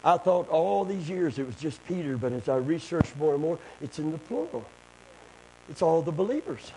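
A man preaching a sermon, calling for amens and building up to shouting. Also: a little high, a little hiss or hum. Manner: call-and-response, building to shouting.

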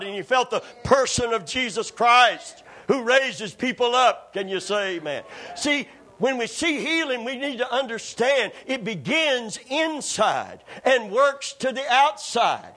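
A preacher with an unusually high, bright voice delivers a sermon in a church. He calls out to the congregation for amens and builds from calm storytelling to fervent shouting. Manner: preaching with call-and-response, rising to shouts. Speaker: pastor. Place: church sanctuary.

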